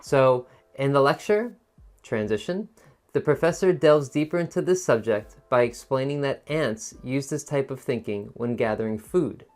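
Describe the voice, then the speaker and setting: A man's voice: mid-range voice, expressive, normal speed, darkish tone. Encouraging male test-prep teacher. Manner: encouraging, explains step by step with examples.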